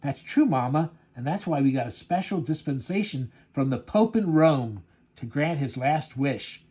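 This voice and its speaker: A man's voice: on the high side, expressive, normal speed, dark tone, slightly rough. A man reading a tough vengeful comic-book cabbie. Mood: plain.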